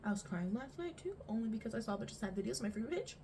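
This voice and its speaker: High-voiced young woman rambling through makeup. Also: very fast, slight background noise, rough recording. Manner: rambling, animated storytelling with frequent fillers. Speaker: vlogger. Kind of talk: get-ready-with-me chat. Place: bedroom.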